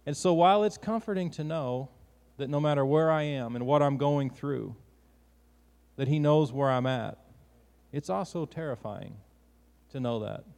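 A man's voice: fairly high pitch, normal speed, gravelly, pauses often, darkish tone, in a large hall. A man preaching a sermon in an earnest, conversational way, often restarting his sentences.

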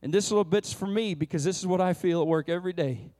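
A man's voice: sits high, fast, dark tone. A male pastor preaching a sermon, impassioned, with frequent restarts and repetitions.

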